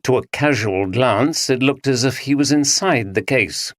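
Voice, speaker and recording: This man narrates a mystery audiobook in a measured, even storytelling style. His voice is middle-pitched, and the recording is dry and close, with no room sound.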